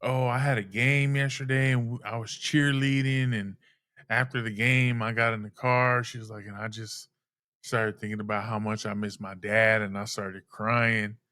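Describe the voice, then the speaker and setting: A man's voice: lowish voice, flat delivery, moderate pace, bright, forceful tone, dry recording, clean studio sound. A man in his forties telling stories in an easygoing, casual way as a podcast co-host, calling his friend bro. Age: 40s. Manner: easygoing storyteller, calls friend bro and dog. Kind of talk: casual chat.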